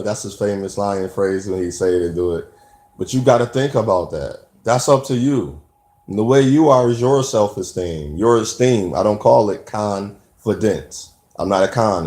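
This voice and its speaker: A man's voice: lowish voice, darkish tone, echoey room. A man talking earnestly in an unscripted monologue, preaching about commitment, with many restarts and repeated words. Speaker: self-made video speaker.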